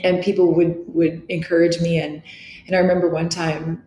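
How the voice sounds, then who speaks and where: A woman's voice: lowish voice, little pitch movement, normal speed, dark tone. A middle-aged woman, a podcast guest, speaking earnestly and reflectively, often restarting her sentences. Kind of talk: candid interview talk. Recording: echoey room with faint noise.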